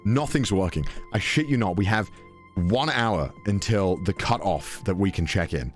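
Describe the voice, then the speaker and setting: A young British man tells a travel anecdote in a casual, animated way. His pitch swings widely, jumping into high squeaks when he acts out his own panic, and he swears freely. Faint music plays underneath. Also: moderate pace. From Britain. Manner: swearing, mimics voices, high-pitched exclamations. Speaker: podcast storyteller.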